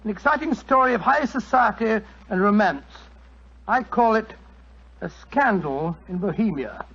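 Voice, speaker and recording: An actor playing a genial older doctor who tells stories in a 1940s radio show. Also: male voice, sits high, lively intonation, unhurried, a bit bright, husky, full character voice. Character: genial older male doctor, the detective's friend. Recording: dull lo-fi old radio recording.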